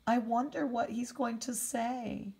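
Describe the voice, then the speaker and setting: A preschool teacher, a woman, reading a picture book aloud to young children, gently asking them questions and explaining words. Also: a little high, steady tone, a little slow, slightly rough.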